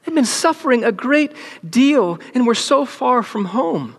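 In a large room before an audience, a man delivers a sermon in an extremely high, sing-song voice at a measured pace. He presses points emphatically and sometimes sinks to near-whispers, and the recording has a big-room sound.

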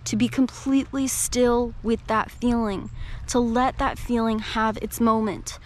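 Gentle, soothing woman coach. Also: a little high, steady tone, slight background noise. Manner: gentle, slow and soothing, acts out quotes. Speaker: coach and podcast host. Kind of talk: reflective coaching talk.

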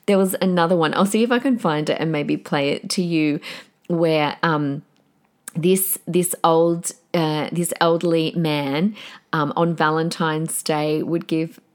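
Woman in her forties, podcast host, chatty and tearful, slightly low voice. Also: fairly even intonation, unhurried. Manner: chatty and emotional, tears up easily. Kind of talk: casual solo podcast talk.

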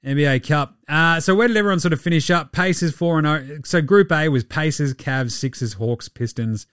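Sweary podcast host, dry mic. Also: male voice, fairly high pitch, normal speed, fairly bright tone, smooth, no echo. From Australia. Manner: irreverent, sweary, does mocking voices of players. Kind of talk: casual basketball recap.

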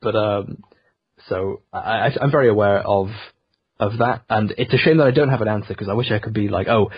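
A man's voice: on the low side, fairly quick, breathy edge, dry recording. A young man from Yorkshire with a generic southern English accent, talking in a rambling, self-deprecating way full of fillers as an interview guest over a muffled remote call. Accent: generic southern English, not Yorkshire. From Yorkshire, England. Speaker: video essayist guest. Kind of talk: casual interview conversation.

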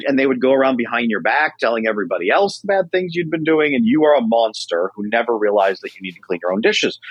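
Man in his thirties podcast guest, husky and dry, animated delivery with wide swings in pitch. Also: dry recording. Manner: animated, acts out quoted people with big pitch jumps. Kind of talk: podcast conversation.

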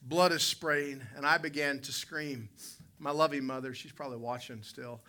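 A man's voice: mid-range voice, fairly even intonation, moderate pace, pushed and bright. A man, preaching a sermon and telling a folksy personal story, calling out to people in the congregation. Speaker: pastor.

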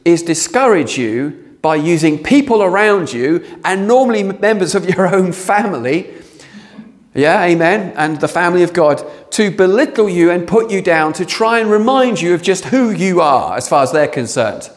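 A man's voice: high-pitched, expressive, moderate pace. A man preaching a sermon to a congregation in a conversational way, joking and asking the room questions.

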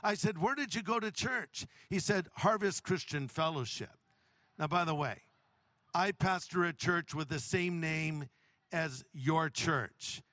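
A man preaching a sermon as a pastor, telling a humorous story with lively delivery. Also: fairly high pitch, a little slow, no room sound.

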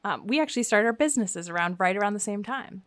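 A woman's voice: medium pitch, animated, quick pace, fairly bright tone, no echo. A woman with a Southern US accent hosting a podcast, chatting casually and reading an upbeat guest intro. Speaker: podcast host.

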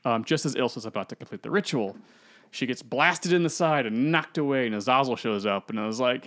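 A man's voice: mid-range voice, brisk, a bit bright. Man, podcast co-host, loose rambling retelling of a movie, slips into character voices. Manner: rambling storyteller who acts out characters. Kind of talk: casual podcast plot recap.

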